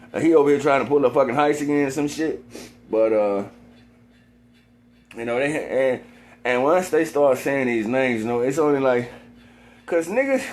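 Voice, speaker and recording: A man in a rambling monologue, swearing constantly and repeating himself, sometimes getting heated and loud. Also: mid-range voice. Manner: gets heated and loud at times.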